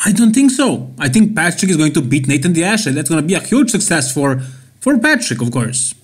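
A man with a Serbian accent delivers opinionated bodybuilding commentary for his vlog. His voice sits a little high, and he hammers his points home by repeating words. It is plain, direct vlog talk. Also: sing-song, a little fast, breathy edge. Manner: emphatic, repeats key words for stress. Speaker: bodybuilding channel host.

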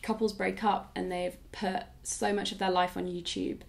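Reflective woman with vocal fry. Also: medium pitch, little pitch movement, moderate pace. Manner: reflective, frequent "like" fillers. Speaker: YouTuber. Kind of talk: casual talking-head Q&A.

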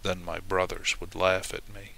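A man voicing a kind-hearted ugly baby bear cub who talks quietly to himself in a storybook reading. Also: low-pitched, little pitch movement, normal speed, creaky, full character voice, poor audio. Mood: earnest.

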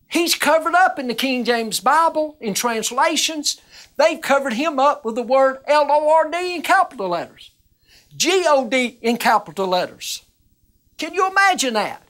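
A woman minister teaching the Bible on a television broadcast, earnest and emphatic, repeating words as she gets excited. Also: high-pitched.

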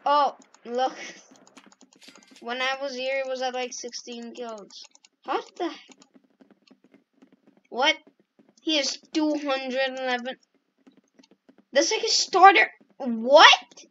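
A woman giving casual, excitable gameplay commentary and shouting at the game. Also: high voice, slow pace, long pauses, highs cut off. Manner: excitable, yelps and shouts at the game, self-mocking. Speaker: gaming YouTuber.

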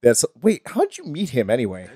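A man's voice: medium pitch, huge pitch swings, a little fast, mellow. A man hosting a podcast in casual chat, laid-back and swearing freely. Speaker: podcast host.

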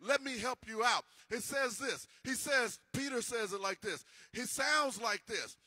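A male pastor delivers a sermon in a high, ringing, very bright voice that cuts through. His delivery swells into sing-song cadences and emphatic repetitions. The sound is close and dry, with little room around it. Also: unhurried, no room sound. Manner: preaching with rising, sing-song emphasis and repeated restarts. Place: church.

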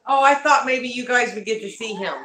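Chatty woman, bright voice, echoey room. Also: fairly high pitch, fairly quick. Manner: chatty, greets viewers by name, talks to her animals. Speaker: livestream host talking to viewers. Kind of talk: casual livestream chat. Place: home with pets, by a window.

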